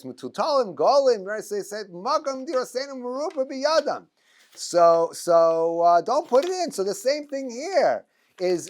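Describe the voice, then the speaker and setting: Animated middle-aged rabbi, chuckling storyteller. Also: male voice, sits high. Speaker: rabbi teaching a class. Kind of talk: informal lecture with anecdotes.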